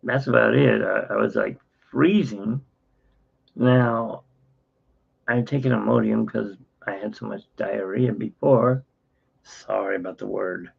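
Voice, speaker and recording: A weary man with a low, gravelly, husky voice tells a long personal story, wandering off track and acting out what others said. The sound is dull and lo-fi. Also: unhurried. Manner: rambling, self-interrupting, acts out quoted dialogue. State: tired. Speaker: channel host. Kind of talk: casual storytelling vlog.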